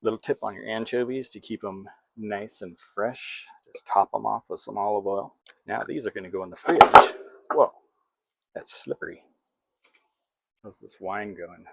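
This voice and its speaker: A man with a gravelly, somewhat low voice chats his way through a home cooking vlog. He keeps up playful, jokey self-talk as he works in his kitchen. The sound is close and dry, with little room echo. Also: normal speed.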